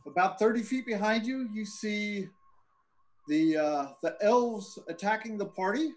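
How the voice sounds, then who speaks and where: A man narrating a tabletop role-playing game as game master, relaxed and thinking aloud with fillers. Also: high-pitched, a little slow, low-quality recording.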